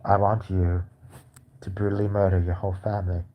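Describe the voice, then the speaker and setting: A man voicing a creepy, mock-soothing male ASMR narrator, talking slowly and gently in a lowered voice. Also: little pitch movement, muffled recording, close to an everyday voice.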